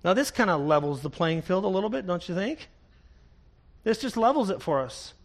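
A man preaching an expository sermon, earnest and emphatic, reading scripture slowly and repeating key phrases. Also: sits high, big pitch swings. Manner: reads scripture slowly and deliberately. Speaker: pastor.

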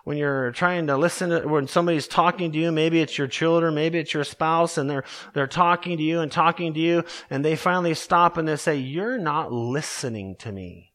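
A man preaching a sermon, earnest and emphatic, slowing down to stress scripture verses. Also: a little high, little pitch movement, fairly bright tone. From Colorado, USA. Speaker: pastor.

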